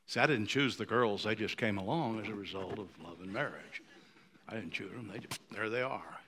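A man in his sixties preaching a sermon, moved to tears, who swings from ringing high declarations down to hushed near-whispers. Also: moderate pace, a little hiss or hum. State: emotional, choked up. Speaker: pastor.

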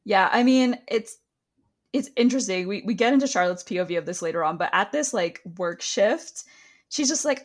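Lively chatty woman podcast co-host. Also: mid-range voice, moderate pace. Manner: lively, chatty, giggly, mimics accents when quoting. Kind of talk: casual chat recapping a reality show.

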